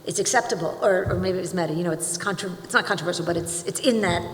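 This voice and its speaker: A woman's voice: on the low side, racing, slight background noise. Chatty woman panelist in a roomy hall. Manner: chatty, self-interrupting, laughs often. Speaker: panelist, screenwriting teacher. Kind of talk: panel discussion, casual. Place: large auditorium. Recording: roomy hall with long reverb.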